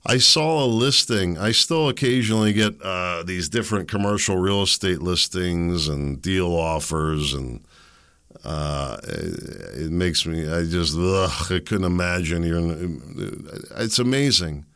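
A man's voice: low-pitched, lively intonation, slow pace, fairly bright tone. A man hosting a solo commentary show, rambling and opinionated, with sardonic asides. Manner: rambling, opinionated, sardonic, with mocking put-on quotes. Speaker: podcast host.

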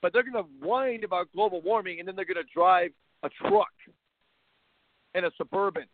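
Guy ranting blunt and mocking, high-pitched voice, tinny dry phone sound. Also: moderate pace, no echo. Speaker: sports talk show host. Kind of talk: opinionated talk-show monologue.

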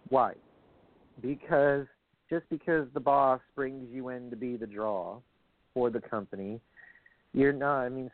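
A man co-hosting, giving opinionated, ranting takes in casual wrestling chat. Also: medium pitch. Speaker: co-host. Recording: tinny phone line with clear noise.

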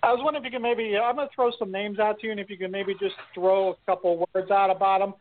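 A man asks interview questions politely and a little hesitantly. His voice is high for a man. The audio is thin and narrow, like a phone call. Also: level tone, fast.

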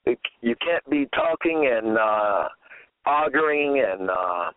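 A man preaching a sermon and reading scripture aloud, slow and deliberate, often repeating phrases. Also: mid-range voice, animated, no echo. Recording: tinny phone-line audio.

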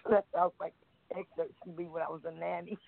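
A man's voice: fairly high pitch, little pitch movement, creaky, no echo. Giggly man on a tinny phone line. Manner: giggly, rambling, reads haltingly. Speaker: radio show host. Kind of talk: casual call-in chat and poetry reading.

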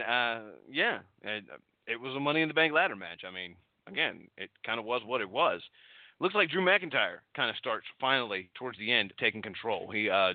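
A man's voice: on the low side, no room sound. Swearing man recapping wrestling on thin audio. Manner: rambling, sarcastic, swears freely. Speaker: podcast host recapping wrestling. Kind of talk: casual solo recap. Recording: dry, thin phone-like audio.

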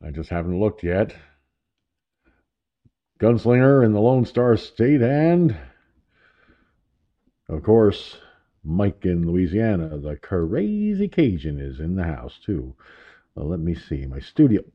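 A man with a low, very animated voice hosts a laid-back internet talk radio show, speaking slowly and pausing often. He rambles, amused by himself, dropping chuckling asides, and the audio is muffled and lo-fi.

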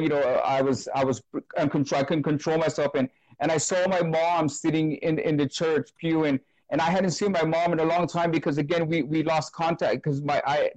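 A man with a fairly high voice shares an emotional personal testimony in an interview. He talks earnestly, stumbling, repeating words and restarting his sentences. The sound is close and dry with no room echo. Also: darkish tone. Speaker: interview guest sharing testimony.

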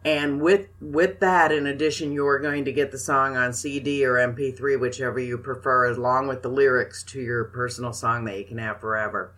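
A woman's voice: a bass voice, fairly even intonation, moderate pace, hardly any pauses, a bit bright. Bossy older woman co-hosting. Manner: bossy, teasing banter. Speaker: podcast co-host. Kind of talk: casual chat.

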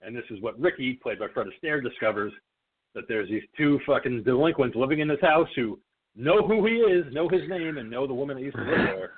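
A man's voice: mid-range voice, lively intonation, brisk, slight background noise. A man co-hosting a podcast in casual chat, swearing freely and acting out movie characters as he recaps a film. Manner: profane, jokey, acts out movie characters. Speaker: podcast co-host. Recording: phone-like lo-fi audio.

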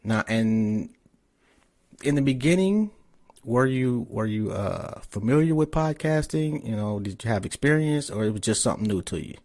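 A man's voice: mid-range voice, expressive, moderate pace, darkish tone. A man hosting a podcast, talking loosely and cursing casually. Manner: loose, profane, chatty. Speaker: podcast host. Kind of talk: casual interview chat.

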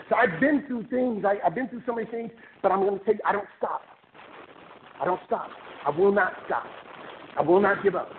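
A man giving an animated motivational talk to a university class, joking with the audience and taking questions in a lecture room. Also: sits high. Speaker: guest speaker. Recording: tinny phone-like recording with noise.

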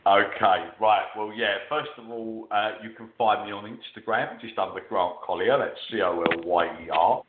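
An English man chats as a guest in an interview, talking loosely with many ums and uhs. His voice sits fairly low. The sound is echoey and tinny, like a phone call. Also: fairly even intonation, normal speed, hardly any pauses. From United Kingdom. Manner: chatty, with frequent ums and uhs. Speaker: guest medium. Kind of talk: casual interview chat.

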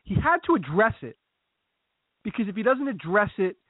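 High-voiced man on a phone-like line. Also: big pitch swings, dry recording. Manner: measured, reasoning, repeats starts. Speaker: podcast co-host. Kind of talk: casual sports chat. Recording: dry tinny phone-like sound.

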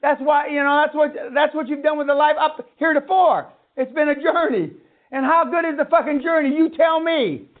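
A man's voice: extremely high pitch, normal speed. A man giving a blunt, profane motivational lecture at a seminar, swearing and ranting. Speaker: seminar speaker on radio. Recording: tinny phone-like line.

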